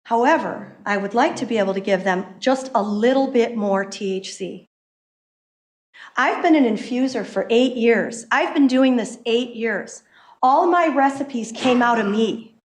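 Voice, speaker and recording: A woman giving an impassioned public comment at a council meeting as a hemp business owner, emphatic and quick. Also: a little high. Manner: impassioned, emphatic, fast-talking. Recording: echoey meeting room.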